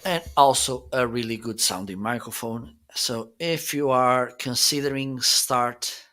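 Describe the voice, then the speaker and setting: A man's voice: medium pitch, unhurried, bright, forceful tone. A man hosting a casual live shopping stream at his desk, chatting unhurriedly as he tests microphones by counting and saying hello. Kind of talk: casual product demo. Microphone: desk microphones being tested.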